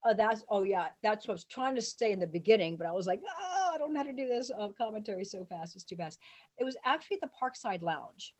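A woman guest in an interview, telling long rambling stories and acting out what people said in lively voices. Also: mid-range voice, fast talker. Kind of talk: casual storytelling interview.

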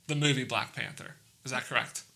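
A man's voice: mid-range voice, brisk, vocal fry, sharp tone. A man guessing movie quotes in a casual game, upbeat and jokey. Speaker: quiz player.

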